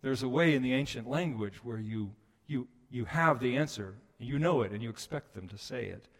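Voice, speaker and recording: A man preaching a sermon, moving between hushed passages and loud, emphatic ones. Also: medium pitch, animated, moderate pace, vocal fry. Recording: long reverb of a large hall.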